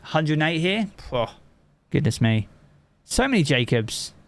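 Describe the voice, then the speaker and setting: A man's voice: fairly high pitch, very animated, a little slow. Chatty Southern English man streaming. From England. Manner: chatty, swears freely, answers chat messages. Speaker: game streamer. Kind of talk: casual live-stream chat.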